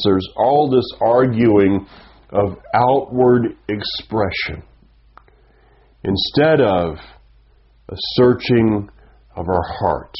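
A man with a Southern US accent preaching a sermon, teaching earnestly and often restarting his sentences. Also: on the low side. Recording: dull lo-fi sound.

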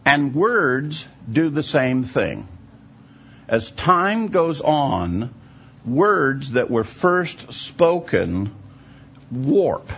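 A man's voice: mid-range voice, very animated, drawn-out words, a bit bright, breathy edge. A man giving a teaching sermon, explaining at length and often checking in with his listeners. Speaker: Bible teacher. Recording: dull lo-fi recording.

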